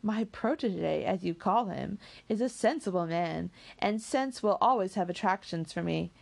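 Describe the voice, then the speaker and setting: A woman voicing a calm, sensible young woman who speaks softly and reasons carefully. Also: mid-range voice, creaky. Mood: reasoning. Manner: measured, soft, reasoning.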